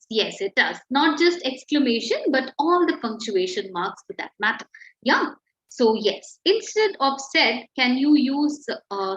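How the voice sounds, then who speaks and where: A woman's voice: on the high side, fairly bright tone. A woman teaching an online creative writing workshop, encouraging and repeating words for emphasis. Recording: echoey, dull lo-fi audio.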